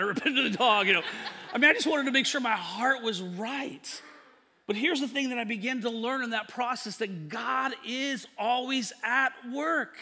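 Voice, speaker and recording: A man's voice: extremely high pitch, moderate pace, bright, forceful tone, big-room sound. A man preaching a sermon, telling a story with acted-out dialogue and laughter.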